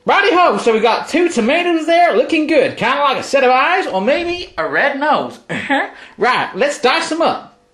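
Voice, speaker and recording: A man's voice: extremely high pitch, sing-song, moderate pace, fairly bright tone. A man from England hamming up a put-on Texan drawl while cooking in a home kitchen, goofy and full of yeehaws. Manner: hammy fake cowboy persona, goofy asides, frequent yeehaws. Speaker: guest cook. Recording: roomy echoey kitchen.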